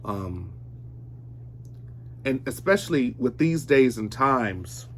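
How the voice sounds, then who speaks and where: A man's voice: mid-range voice, expressive, slow, a little hiss or hum. A man in his forties chatting casually while unboxing records, rambling and often correcting himself mid-sentence. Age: 40s. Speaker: vinyl collector vlogger.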